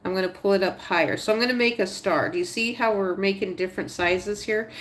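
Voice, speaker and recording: A woman's voice: medium pitch, brisk, fairly bright tone. A woman livestreaming a crochet tutorial, thinking aloud step by step, chatting with viewers and talking to her stitches. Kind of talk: casual live tutorial narration.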